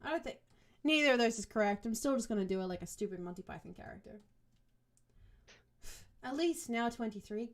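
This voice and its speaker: Besetzung: junge Frau, hohe Stimme, sarkastische Vorleserin mit Kommentaren. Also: female voice, on the high side. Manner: sarcastic, quick asides, swears. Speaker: podcast co-host and reader. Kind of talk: book reading with comic commentary.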